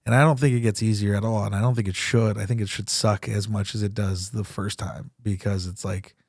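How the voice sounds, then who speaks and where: A man's voice: on the low side, fairly even intonation, a little fast, vocal fry, a little mellow, no room sound. Profane rambling man, dry sound. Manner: profane, rambling, laughs through grief. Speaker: podcast host, comedian. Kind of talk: candid casual talk.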